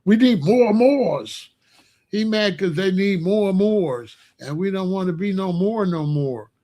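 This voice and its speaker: A man giving casual, mocking online commentary in an animated way, often laughing and coming back to the same catchphrase. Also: high-pitched, takes it slowly.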